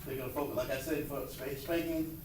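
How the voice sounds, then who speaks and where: A man giving a lively talk to educators about students with ADHD, acting out what kids say, recorded from far off in an echoey, noisy room. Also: medium pitch. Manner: fast, animated, acts out quotes. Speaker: speaker at a workshop on students with ADHD.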